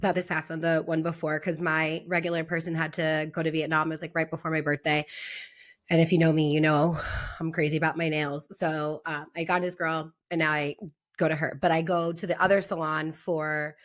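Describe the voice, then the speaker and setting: A woman's voice: deep voice, fairly quick. A young woman co-hosting a podcast, chatting casually and telling stories with lots of quoted back-and-forth. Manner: chatty storyteller, animated when quoting others. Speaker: podcast co-host. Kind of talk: casual chat.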